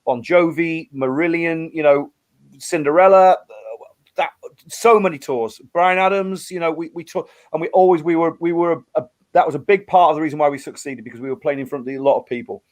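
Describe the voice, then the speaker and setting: A middle-aged English rock musician talking earnestly in a casual interview, often restarting and repeating words. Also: male voice, fairly high pitch, a little fast. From England.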